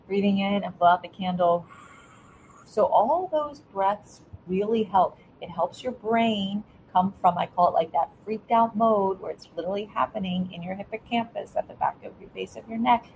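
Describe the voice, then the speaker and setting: A woman's voice: mid-range voice, normal speed, vocal fry, a little mellow, muffled recording, slight background noise. A middle-aged woman, a former school principal, giving earnest, encouraging parenting advice as an interview guest, with frequent restarts.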